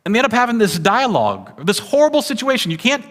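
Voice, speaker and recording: A man's voice: very high voice, huge pitch swings, fast, fairly bright tone, in a large hall. A man preaching a sermon to a congregation, chatty and talking with the room, often checking in with "right?". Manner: conversational, frequent "right?" tag questions. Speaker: pastor.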